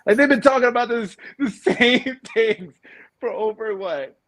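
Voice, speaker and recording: This man in his thirties speaks at a measured pace in an extremely high-pitched voice. As a podcast co-host, he chats casually and tells stories animatedly with lots of laughter.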